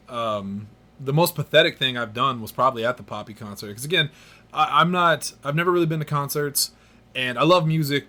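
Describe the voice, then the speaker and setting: A man hosting a podcast, telling stories in an animated, self-mocking way. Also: medium pitch. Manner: animated storyteller, laughs at himself. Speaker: podcast host. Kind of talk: casual podcast chat.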